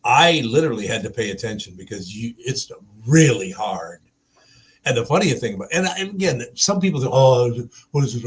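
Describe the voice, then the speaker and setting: A male radio host chats loosely in a studio, drifting into long anecdotes and breaking into laughter. His voice sits at an ordinary pitch with a slightly husky edge. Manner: rambling storyteller, laughing, mimics voices. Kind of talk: casual studio chat.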